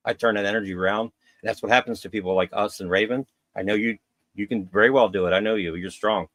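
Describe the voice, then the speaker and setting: A man's voice: fairly even intonation, fast talker, a bit bright, no echo. A middle-aged man telling a personal story as a podcast guest, candid and rambling, voicing quotes of others. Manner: candid, rambling, acts out quotes with raised pitch.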